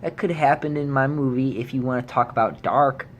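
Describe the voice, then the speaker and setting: A man vlogging an angry movie rant, swearing freely and jumping into high yells when outraged. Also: brisk, a little hiss or hum. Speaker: YouTube vlogger.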